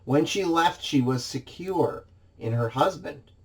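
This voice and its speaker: A man's voice: on the high side, expressive, a little slow. A man preaching a sermon in church, reading scripture expressively and dramatizing the quoted lines.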